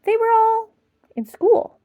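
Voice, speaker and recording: A woman reading a children's book aloud as a bedtime story, in an expressive, dramatic storytelling manner. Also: extremely high pitch, slow pace, no echo, clean studio sound.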